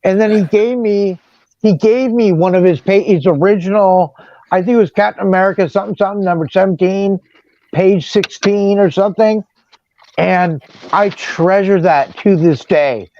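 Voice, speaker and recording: High-voiced man telling animated stories. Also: normal speed, muffled recording. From Seattle. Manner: animated storyteller, slangy. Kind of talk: casual chat. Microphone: video call.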